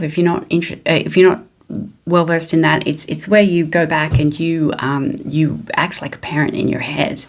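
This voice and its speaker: A middle-aged woman telling a personal story in a chatty, self-deprecating way with many fillers. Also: sits low. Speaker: vlogger.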